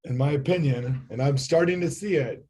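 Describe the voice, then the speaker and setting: Mellow man chiming in casually. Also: on the high side, moderate pace. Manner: relaxed, hedging with fillers. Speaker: participant from a lending tech firm. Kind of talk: casual discussion in class.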